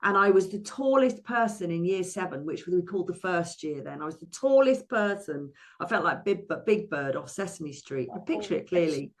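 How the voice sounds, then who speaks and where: An English woman in her sixties, a therapist and money coach, telling her life story as an interview guest in a lively way, with frequent restarts and playful acted-out quotes. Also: fairly low pitch. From England. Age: 60s.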